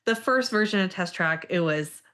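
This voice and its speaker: A woman's voice: on the low side, expressive, moderate pace. A woman co-hosting a podcast, chatting casually and agreeably. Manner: warm agreeable, frequent short affirmations. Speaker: podcast co-host. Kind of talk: casual chat.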